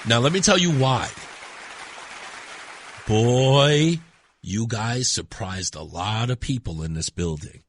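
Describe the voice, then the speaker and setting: A man's voice: medium pitch, lively intonation, slow, pauses often, slight background noise. A man hosting a radio talk show, delivering an emphatic monologue and repeating words for effect.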